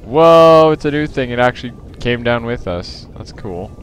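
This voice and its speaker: A man's voice: mid-range voice, lively intonation, moderate pace, smooth. A man giving casual gameplay commentary as a let's play host, rambling with lots of fillers and self-corrections.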